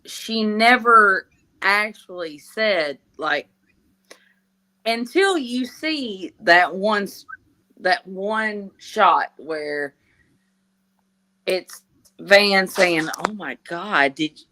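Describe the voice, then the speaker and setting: A middle-aged woman hosting a casual chat, talking in halting, chatty bursts. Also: mid-range voice, expressive, pushed and bright. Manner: halting, chatty, quotes characters in asides. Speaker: podcast host.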